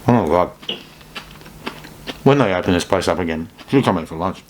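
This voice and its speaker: A man's voice: low voice, lively intonation, fast, a little hiss or hum. A middle-aged man chatting casually in a self-filmed vlog from his hotel room, rambling and joking as he corrects himself. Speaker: vlogger in hotel quarantine.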